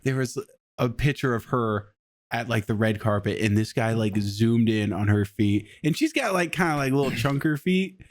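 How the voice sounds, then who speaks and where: A man's voice: medium pitch, normal speed, dry recording. A man co-hosting a podcast in casual chat, making crude jokes and riffing on stories. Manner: crude, joking, riffs on the other host's stories. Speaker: podcast co-host.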